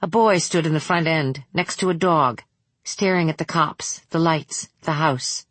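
A woman narrating a novel aloud in a measured, steady reading voice. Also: deep voice, slightly rough, no echo. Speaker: audiobook narrator. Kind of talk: scripted narration.

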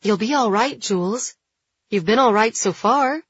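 A woman narrating an audiobook, voicing a tough, stubborn young woman who talks bluntly, with a husky tone. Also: fairly high pitch, measured pace, no echo, lo-fi sound. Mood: reassuring. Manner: blunt, dismissive.

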